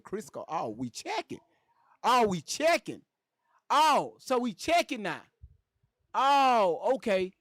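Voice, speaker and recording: A man riffs loudly with his livestream chat, repeating lines for laughs. His voice sounds close and dry, with no room echo. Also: fairly high pitch. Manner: loud, joking, animated, repeats phrases. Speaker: livestream host reading chat.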